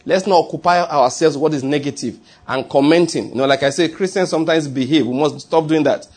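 A man's voice: a little high, fairly quick, darkish tone. A middle-aged male pastor preaching a sermon, emphatic and repeating his key phrases.

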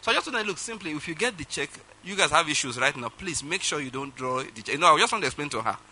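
A man with a Nigerian English accent preaching a sermon, telling a personal story with sudden swings between loud and soft delivery. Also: on the high side, lively intonation, fast, slight background noise. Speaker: pastor.

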